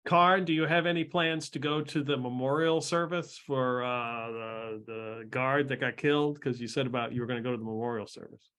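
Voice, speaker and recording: A man's voice: mid-range voice, normal speed, hardly any pauses, fairly bright tone, clear, resonant tone. A man narrating a tabletop game as game master, in a casual style full of fillers.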